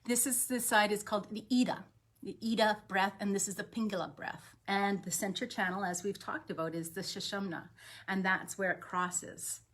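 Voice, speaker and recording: A woman who is a holistic health coach, giving a gentle, chatty live talk on breathing, with frequent ums and restarts. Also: medium pitch, fairly even intonation, moderate pace. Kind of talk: daily live wellness talk. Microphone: webcam on a live stream.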